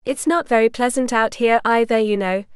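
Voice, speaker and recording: A woman's voice: fairly high pitch, moderate pace, smooth, no echo, studio quality, natural voice. A woman reading the part of a bold young woman who teases and coaxes with earnest resolve. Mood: teasing. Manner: teasing, coaxing, earnest.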